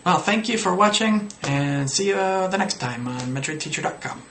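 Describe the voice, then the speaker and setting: A man's voice: animated, moderate pace, a bit bright. A man who teaches English, giving casual tips to the camera and playfully acting out students' errors. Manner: explains casually, acts out student errors with pitch jumps. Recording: roomy echo with faint noise.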